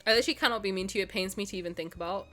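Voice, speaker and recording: Racing along in a fairly bright, mid-range voice over faint music, a woman streamer who's sick and slightly stuffy talks effusively with her viewers. She reads game text aloud, with frequent restarts and outbursts of laughter.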